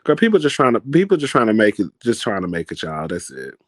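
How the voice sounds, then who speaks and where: A man's voice: on the low side, wildly swooping pitch, fast, no room sound, clean studio sound. A man vlogging in a casual, chatty storytelling style, dramatic and full of asides. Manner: chatty, dramatic, keeps calling listeners "girl".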